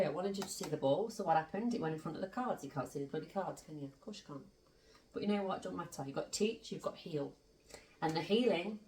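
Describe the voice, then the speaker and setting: A chatty woman gives a tarot reading in a loose, rambling way, leaning hard on her points. Her voice sits a little low and sounds roomy, picked up from some distance off the mic. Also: darkish tone. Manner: chatty, emphatic, rambling with asides. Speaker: tarot reader. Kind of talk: casual spiritual tarot reading.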